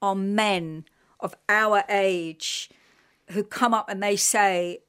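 A middle-aged woman with a London accent, a radio guest telling an animated, emotional story with many fillers. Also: medium pitch, slow, smooth. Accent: London English. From England. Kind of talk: casual radio interview chat.

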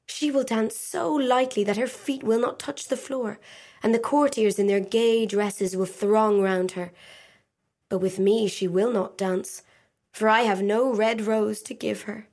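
A woman's voice: medium pitch, fairly even intonation, a little slow, darkish tone. A woman voicing a lovesick, despairing young male student, earnest and mournful, in a storybook reading with faint music.

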